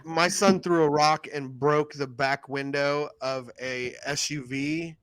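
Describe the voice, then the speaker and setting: A man's voice: on the high side, steady tone, slow, a bit bright, clear, resonant tone, no room sound. Father rambling through a story, dry sound. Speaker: podcast co-host. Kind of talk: casual chat.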